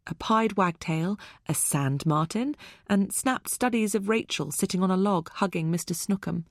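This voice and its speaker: A woman narrates an audiobook in an even, measured storytelling voice from a script. Her voice is mid-range, and the studio-quality recording has no echo.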